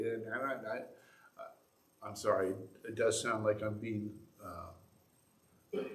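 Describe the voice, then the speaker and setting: A man's voice: medium pitch, fairly bright tone. A middle-aged male pastor giving a conversational sermon with asides and restarts in a church sanctuary. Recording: echoey church room.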